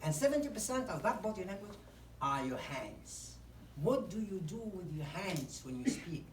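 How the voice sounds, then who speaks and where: A woman's voice: fairly low pitch, sing-song, moderate pace, slight background noise. A woman giving a speech on public speaking, listing numbered tips and acting out short examples. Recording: echoey hall from far off, faint ambience.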